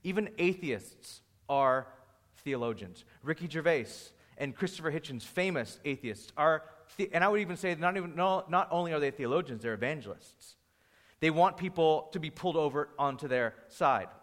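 A pastor teaches a church class in a relaxed, conversational way, full of restarts and stories. His voice sits a little high for a man. The sound rings with the long reverb of a large hall. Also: normal speed. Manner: conversational, restarts and anecdotes, rising energy when storytelling.

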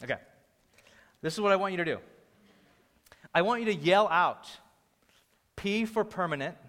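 Man, pastor, casual sermon, slightly high voice, long hall reverb. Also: lively intonation, normal speed, a bit bright. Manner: conversational, joking with the congregation. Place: church hall.

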